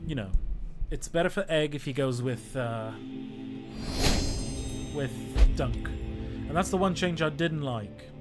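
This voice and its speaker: A man's voice: on the high side, slow pace, pauses often, over loud music. A man streaming a strategy game, joking and chatting with his viewers in casual commentary.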